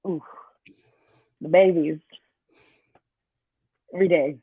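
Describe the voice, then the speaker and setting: A woman's voice: fairly low pitch, takes it slowly, slightly rough, no room sound. A woman, a middle school teacher, chatting casually in an interview and animatedly telling stories about her students. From Kansas City area, US. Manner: animated storyteller, acts out students' voices, laughs often. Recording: tinny phone-like call audio.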